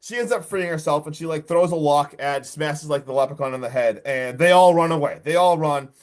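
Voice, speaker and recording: A man on a horror movie podcast who talks a little high and keeps the energy up. He retells scenes in a casual way, swearing and acting out what the characters say. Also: brisk. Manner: excited, swearing, acts out lines from the film. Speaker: podcast host.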